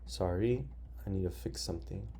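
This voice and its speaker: A man teaching young students in a recorded lesson, explaining patiently and slowly with many fillers. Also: sits low, gravelly, dark tone, a little hiss or hum. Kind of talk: recorded remote class lesson.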